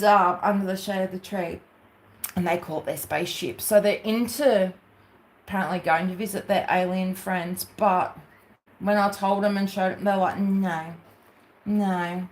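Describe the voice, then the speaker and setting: A woman's voice: mid-range voice, steady tone, moderate pace. A woman with an Australian accent who hosts a crafting livestream and chats casually to viewers, rambling through asides with many fillers.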